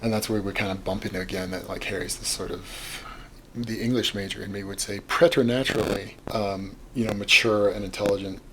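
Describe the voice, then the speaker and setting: Male podcast co-host, lowish voice, animated and rambling, faint noise underneath. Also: a little fast. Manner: animated, rambling, many "like" fillers and restarts. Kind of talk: casual book discussion.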